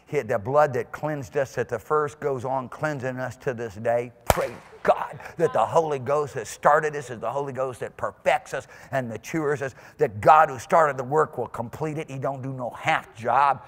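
A male pastor preaching a sermon in a church, swinging from quiet asides to whoops and shouts. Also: medium pitch, moderate pace, hardly any pauses. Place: church sanctuary. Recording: long hall reverb in a church.

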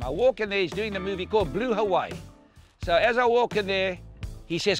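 Old guy in his 80s telling a story, animated, kinda high voice. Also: a little fast, over music. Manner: lively, acts out the quoted voices. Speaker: golfer telling an anecdote.

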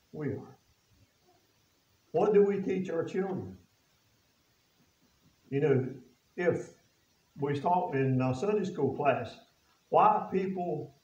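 A man's voice: high-pitched, mellow. A man preaching a sermon as pastor, asking the congregation rhetorical questions, reading scripture aloud in old biblical wording and talking in plain, folksy speech. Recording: echoey, distant and dull-sounding.

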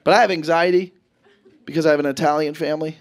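A man in his thirties doing a stand-up comedy set, telling stories with animated, loud acted-out quotes. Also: on the high side, fast. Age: 30s. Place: comedy stage before a live audience. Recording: live show with crowd laughter.

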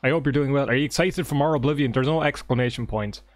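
A man streaming a game live, chatting casually with his viewers in an excitable, joking way and swearing often. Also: medium pitch, fast talker. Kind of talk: casual livestream chat with viewers. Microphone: desk microphone.

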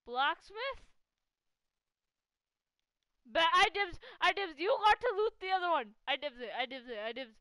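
A woman giving casual live gameplay commentary as a gaming channel host. She is excitable, laughs often and teases a teammate. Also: very high-pitched, unhurried, long pauses, dry recording, lo-fi sound.

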